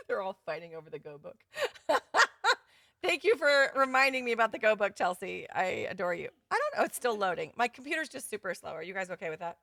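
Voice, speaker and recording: A woman's voice: mid-range voice, big pitch swings, fast talker, vocal fry, sharp tone, no echo, clean studio sound. A woman hosting a casual livestream for her students, chatty and effusive, laughing often. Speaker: course host running a live giveaway. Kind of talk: casual livestream talk to viewers.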